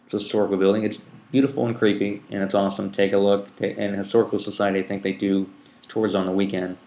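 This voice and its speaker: A man with a lowish voice hosts a casual, chatty podcast and rambles through his points with plenty of ums and restarts. The room around him gives his voice a noticeable echo. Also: flat delivery, quick pace, dark tone. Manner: rambling, many ums and restarts, laughs easily. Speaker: public access TV coordinator and podcast host. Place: room at a community TV station. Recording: roomy echo.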